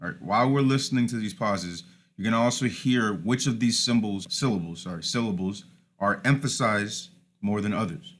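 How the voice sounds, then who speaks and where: A man's voice: lowish voice, moderate pace, fairly bright tone. A man teaching a recorded lesson over slides, informal, often starting with "all right" and correcting himself.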